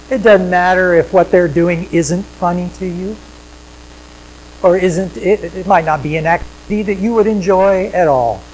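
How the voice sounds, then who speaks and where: A male pastor preaching a sermon in a church, conversational, repeating phrases for emphasis and swinging between loud points and quiet asides. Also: on the high side, a little hiss or hum, low-quality recording. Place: church sanctuary with projection screens.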